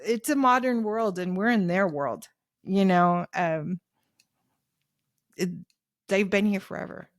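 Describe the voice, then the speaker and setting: Woman guest on a podcast just chatting away, lots of "you know"s, laughs a lot, mid pitch, dry close mic. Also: slow, pauses often, no room sound. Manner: chatty, filler-heavy, many "you know"s and retold dialogue; laughs often while telling stories. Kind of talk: casual storytelling in a podcast interview.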